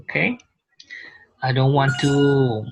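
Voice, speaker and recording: A man's voice: mid-range voice, slow, vocal fry, a little hiss or hum, low-quality recording. A man, a teacher giving a university lecture, explaining patiently and often checking that students follow. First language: Spanish.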